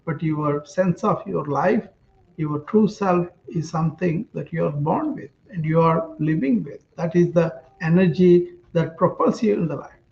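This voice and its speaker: A man voicing a kindly, patient old male sage who teaches gently and calmly. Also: a little high, measured pace, creaky, highs cut off. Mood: explaining.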